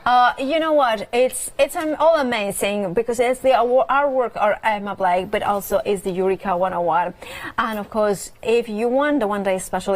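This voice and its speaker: A woman presenting on a live shopping channel in a TV studio, pitching deals with enthusiastic, rambling patter. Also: moderate pace, soft background music.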